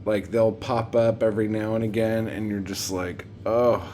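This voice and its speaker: A man's voice: fairly low pitch, fairly even intonation, normal speed, dark tone, slight background noise. A man hosting a watchalong, giving casual reaction commentary in a blunt, profane, rambling way full of fillers. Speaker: watchalong host.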